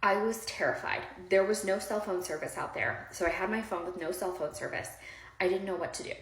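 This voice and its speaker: A woman's voice: mid-range voice, brisk, a bit bright. Chatty woman telling her story, roomy echo. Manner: rambling and heartfelt, many "like" fillers, addresses viewers directly. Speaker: storyteller recounting her own past. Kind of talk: casual personal storytelling to viewers.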